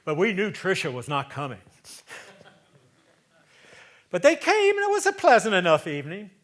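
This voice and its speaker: A man in his seventies performing a theatrical storytelling monologue on a stage, conversational, moving between loud emphasis and hushed asides. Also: sits high, huge pitch swings, moderate pace. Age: 70s.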